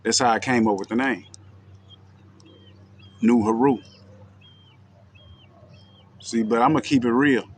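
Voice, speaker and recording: A man with a Texan twang talks to his livestream audience in a loose, direct and unhurried way, sprinkling in "you know what I'm saying". His pitch sits in the middle of the usual male range. Faint noise hangs behind him. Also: steady tone. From Texas. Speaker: livestream host. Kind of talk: casual livestream talk.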